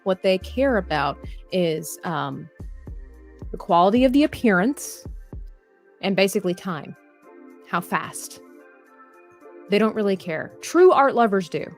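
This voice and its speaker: A woman with a medium-pitched, animated voice hosts a live drawing stream, speaking at a measured pace with long pauses. She talks earnestly but rambles casually, often restarting her sentences as she reads chat comments aloud. Faint music plays in the background.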